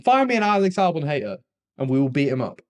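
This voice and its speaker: A man co-hosting a podcast, chatting casually, laughing often and agreeing quickly. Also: a little high, big pitch swings. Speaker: podcast co-host. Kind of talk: casual chat.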